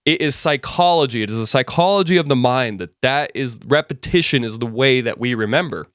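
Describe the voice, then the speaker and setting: Smooth-voiced man telling a classroom story. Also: mid-range voice, fairly quick, a bit bright, no echo, clean studio sound. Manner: storytelling, conversational, many fillers and restarts. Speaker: business presenting instructor. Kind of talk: casual classroom lecture with anecdotes.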